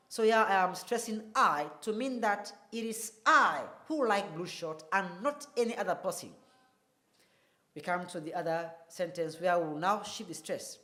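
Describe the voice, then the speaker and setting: A teacher explaining pronunciation, talking slowly and deliberately, repeating and spelling words out. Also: mid-range voice, pushed and bright. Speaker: English teacher. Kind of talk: classroom-style explanation.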